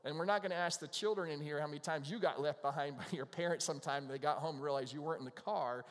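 A middle-aged man preaching a sermon in a church, his slightly high voice ringing out with a long reverb tail. He talks to the congregation conversationally, sometimes acting out the voices of people in the scripture. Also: quick pace. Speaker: pastor.

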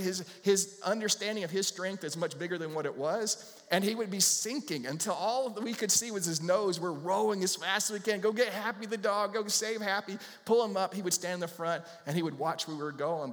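A man preaching a sermon as pastor, animated, acting out little voices and putting questions to the congregation. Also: sits high. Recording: long hall reverb.

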